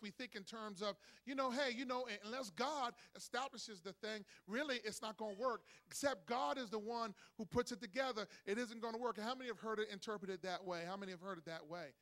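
A middle-aged man preaching a sermon as pastor, energetic and calling on the congregation to respond. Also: high-pitched, quick pace. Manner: acts out voices in a joke with rising excitement. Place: church.

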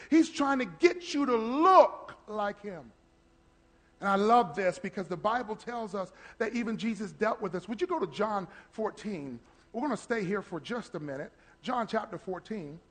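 A man delivers a sermon with a high, bright voice that swings widely in pitch. He acts out the lines he quotes and breaks into shouts. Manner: animated, shouting and acting out quotes. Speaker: pastor.

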